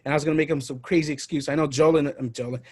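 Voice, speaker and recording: A man's voice: a little high, fairly even intonation, rapid-fire, darkish tone, slightly rough. A man hosting a casual podcast, goofy and hyped, joking around with a put-on accent. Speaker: podcast host.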